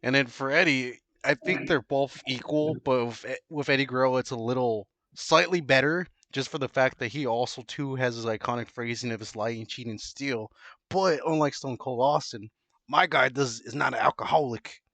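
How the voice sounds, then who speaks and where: A man's voice: medium pitch, normal speed, fairly bright tone, dry recording. Teasing stubborn man on a dry mic. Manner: teasing, stubborn, laughs often. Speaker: co-host debating wrestlers. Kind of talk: casual podcast debate.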